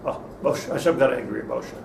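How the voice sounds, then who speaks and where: Here a male rabbi with a mid-range, brisk voice and some vocal fry teaches an interactive lesson. He reasons aloud, questions his students, and frequently starts over, captured far from the mic in a reverberant room with slight noise.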